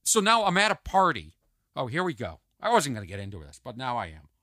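Guy ranting on his podcast, bright tense voice, bouncy pitch, dry close mic. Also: fast talker, no room sound. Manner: animated, ranting, mimics others in asides. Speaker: podcast host. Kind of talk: comedic solo podcast monologue. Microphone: podcast mic on video.

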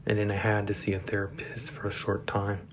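A man hosting a solo podcast, rambling and halting, correcting himself and often dropping into a whisper. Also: fairly low pitch, monotone, a little hiss or hum. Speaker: podcast host.

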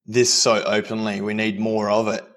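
Supportive low-voiced man, flat delivery. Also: normal speed. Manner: supportive, encouraging. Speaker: podcast host. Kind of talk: casual chat.

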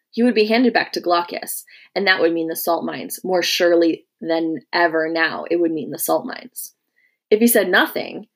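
A woman reading a historical adventure novel aloud in a steady, measured way. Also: lowish voice. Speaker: narrator. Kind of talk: storybook reading.

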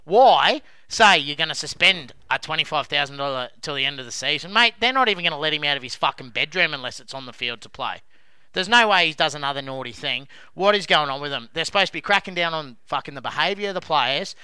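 A man's voice: fairly high pitch, lively intonation, fast talker, pushed and bright, clear, resonant tone, dry recording. An Australian man co-hosting a sports podcast, ranting angrily and swearing a lot. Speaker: podcast co-host. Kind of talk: heated sports podcast rant.

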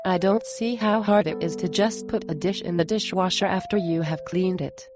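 An actress playing a cruel wife who hurls insults at her husband in a flat, cold way, in a muffled recording with music underneath. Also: on the low side, moderate pace, natural voice. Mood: contemptuous. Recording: muffled sound with music behind.

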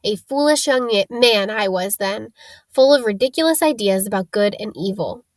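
A woman reading a cold, scheming male wizard teacher in an audiobook, calm and dismissive in manner. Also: medium pitch, moderate pace, no room sound, lightly acted.

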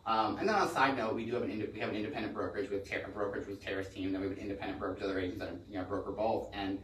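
Fast-talking man telling a story. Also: fairly low pitch, a bit bright, slight background noise. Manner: fast, rambling storyteller with frequent restarts. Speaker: real estate broker. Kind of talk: casual podcast conversation. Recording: echoey room, mic at a distance.

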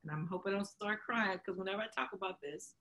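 Woman show host, candid storyteller with a bright, forceful voice, laughs easily and acts out what people said. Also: mid-range voice, fast talker. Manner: emotional, chokes up while telling it; laughs often, acts out quotes. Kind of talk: candid conversation.

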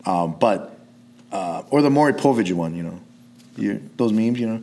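A man's voice: on the low side, lively intonation, normal speed, vocal fry, dark tone. A man who coaches jiu-jitsu, chatting casually on a podcast, rambling and swearing, restarting his sentences often.

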